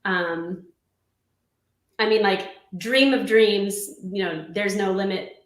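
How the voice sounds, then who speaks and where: A woman's voice: medium pitch, slow pace. Giggly chatty woman, roomy sound. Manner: giggly and chatty, with lively laughs. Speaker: musician guest. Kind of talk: casual chat. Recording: roomy echo.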